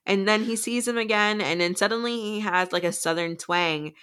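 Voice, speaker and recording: A woman's voice: medium pitch, moderate pace, a bit bright, smooth. A woman co-hosting a podcast, casually recapping a book plot in a rambling way full of "like" and "um". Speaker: podcast co-host.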